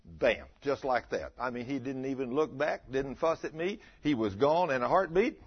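Husky preacher in his fifties. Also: medium pitch, moderate pace. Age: 50s. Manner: lively, acts out dialogue in his stories. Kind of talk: storytelling sermon. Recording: dull lo-fi recording.

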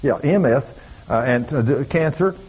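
A man's voice: mid-range voice, lively intonation, normal speed, a little mellow, husky. A man preaching, telling a story in a folksy, dramatic way. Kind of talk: sermon storytelling. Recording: dull lo-fi recording.

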